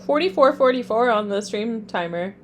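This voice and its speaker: A woman's voice: fairly high pitch, lively intonation, moderate pace, a little hiss or hum. A young woman teaching tarot on a live stream, chatting with viewers, often laughing and getting sidetracked. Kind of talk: casual live-stream lesson.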